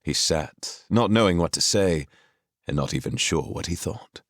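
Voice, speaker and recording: A man narrating a fantasy audiobook with expressive storytelling on a close studio mic. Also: low-pitched, unhurried, dry recording. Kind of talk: scripted narration.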